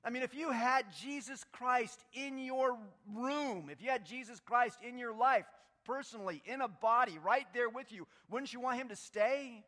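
A man preaching a sermon in a church, animated and emphatic, dropping to quiet low lines and trading answers with the congregation. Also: normal speed, few pauses. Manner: talks with the congregation, takes answers from the room. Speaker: pastor.

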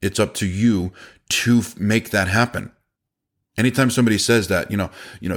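A man with a very low voice talks through a casual podcast monologue about running his company. He is blunt and plain-spoken, swears freely, and slips into quick impressions of his staff. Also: steady tone. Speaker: business owner and podcast host.

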